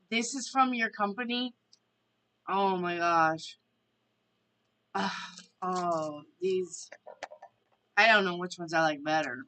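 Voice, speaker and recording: A woman's voice: medium pitch, pushed and bright, poor audio. A woman hosting a casual live stream, chatting to viewers and reading their questions aloud. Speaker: tarot reader and live stream host.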